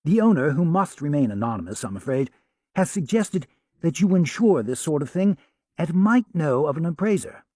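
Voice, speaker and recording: A man's voice: on the high side, sing-song, normal speed, darkish tone, no echo, studio quality. Give me a man playing a chatty, overly polite con man with a put-on English accent. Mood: smooth polite. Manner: posh, breezy, overly polite.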